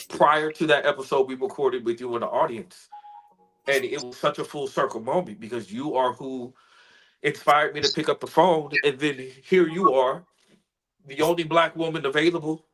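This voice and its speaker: A man's voice: medium pitch, poor audio. Earnest man telling a heartfelt story. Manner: earnest, heartfelt, quieter when moved. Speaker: guest, spoken word artist. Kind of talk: emotional personal storytelling in an interview.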